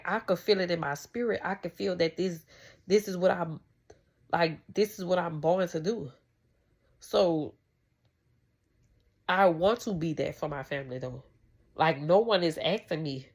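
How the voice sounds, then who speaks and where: A woman vlogger with a lowish, slightly mellow voice talks casually to camera about faith and family. Her talk is rambling and heartfelt, with many restarts.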